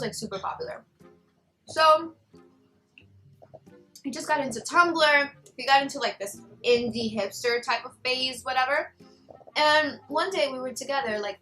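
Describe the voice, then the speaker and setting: A young woman with a slight Spanish accent, telling a personal story in a casual, animated vlog chat. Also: fairly high pitch, low-quality recording. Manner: chatty, animated, quoting others in raised voice. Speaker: vlogger.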